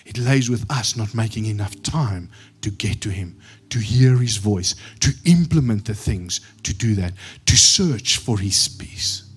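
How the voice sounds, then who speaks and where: A man preaching a sermon. He moves from slow, quiet scripture reading to loud, excited storytelling. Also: on the low side, husky. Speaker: pastor.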